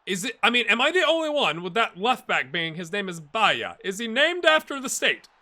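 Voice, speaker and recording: A high-pitched, brisk middle-aged man narrates his football management game for his viewers. As a gaming YouTuber in casual Let's Play mode, he's animated and chatty, talking to the audience and the players.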